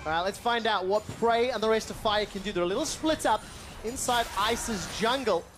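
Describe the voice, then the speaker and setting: A man calling esports play-by-play in rapid bursts. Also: high voice. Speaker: esports caster. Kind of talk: play-by-play commentary. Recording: loud music playing behind.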